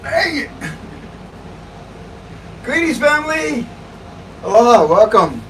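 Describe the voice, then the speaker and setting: Jokey man hosting a slow livestream. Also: very high-pitched, big pitch swings, fairly bright tone, a little hiss or hum, rough recording. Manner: jokey, laughs often, chatty with viewers. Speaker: livestream host. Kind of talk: casual livestream chat.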